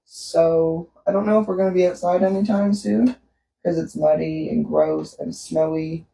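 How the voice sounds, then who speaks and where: Her low, gravelly voice has a warm tone and fairly even intonation as this Canadian vlog co-host chats at normal speed, telling a story and laughing a lot. The recording is echoey, with her set back from the microphone.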